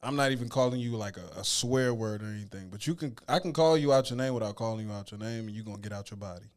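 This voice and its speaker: Weary deadpan man on a podcast. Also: fairly low pitch, fast talker. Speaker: podcast co-host. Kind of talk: casual podcast chat.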